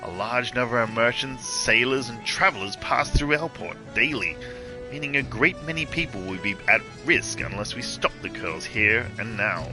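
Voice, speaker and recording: A man's voice: mid-range voice, lively intonation, music in the background, lightly acted, low-quality recording. Man reading as a stern guard officer. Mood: grave. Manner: formal, measured reading of quest dialogue. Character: stern, dutiful guard officer giving orders.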